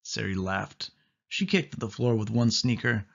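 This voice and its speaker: A man reading a children's storybook aloud in steady first-person narration. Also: on the low side, moderate pace, vocal fry. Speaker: audiobook reader. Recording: dull lo-fi audio.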